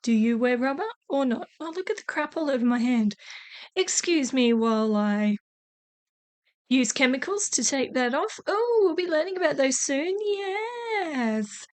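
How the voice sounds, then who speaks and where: Speaking at normal speed in a high, expressive voice, this Australian nail vlogger keeps things chatty and jokey. She walks through a nail tutorial while swearing freely.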